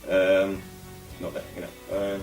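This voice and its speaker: Deep-voiced man musing in a roomy space. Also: completely flat delivery, slow, vocal fry, over music. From England. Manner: rambling, musing, opinionated. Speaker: vlogger. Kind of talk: casual monologue to camera. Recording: roomy echo, voice from a distance.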